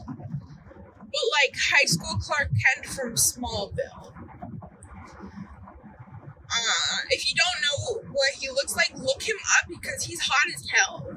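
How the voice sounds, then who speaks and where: Tired young woman rambling on her podcast from the car, swears a lot, voice jumps all over, talks slow. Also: high voice, background noise. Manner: rambling, swears freely, loses words. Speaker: podcast host. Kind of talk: casual solo chat. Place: in a car while driving.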